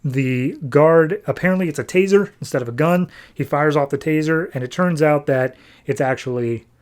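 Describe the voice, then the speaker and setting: A man hosting a podcast who recaps a comic book issue in loose, conversational narration. His voice sits a little higher than most men's. He throws in wry asides as he goes. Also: normal speed. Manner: casual, wry, rambling. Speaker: podcast host.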